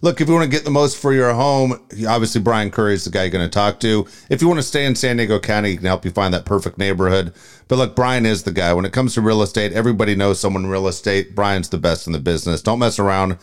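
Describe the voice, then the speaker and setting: A man with a fairly low voice co-hosts a talk radio show. He reads sponsor spots in a brisk pitchman manner and slows down to repeat the phone numbers. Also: clean tone. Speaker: radio co-host.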